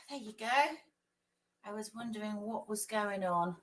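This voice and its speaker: Croaky chatty woman host. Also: mid-range voice, fairly even intonation, measured pace, a bit bright. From United Kingdom. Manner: chatty, greets viewers by name, laughs often. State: croaky with a cold coming. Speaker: psychic live-stream host. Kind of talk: casual live-stream chat.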